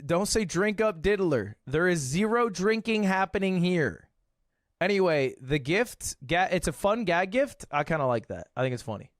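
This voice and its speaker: A young man streaming casually at his desk, joking and swearing with lively energy. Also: high voice, a little slow, no echo, studio quality. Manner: animated, jokey, swearing. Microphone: desk microphone.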